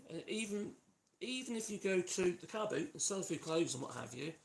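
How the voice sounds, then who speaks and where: A man's voice: sits high, sing-song, fairly quick, vocal fry. A man with a Norfolk accent, hosting a live woodworking stream, chatting loosely and humming to himself while he works. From Norfolk, East of England. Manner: rambling, hums and chats while working. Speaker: woodworking channel host. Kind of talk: casual live workshop demonstration. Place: home workshop. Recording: noisy workshop livestream. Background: sanding and tool noise.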